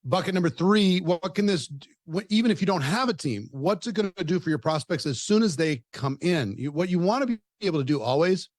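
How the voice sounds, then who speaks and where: Man trainer, slightly high voice, dry sound, instructive. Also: expressive, dry recording. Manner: instructive, halting restarts. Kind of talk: coaching explanation.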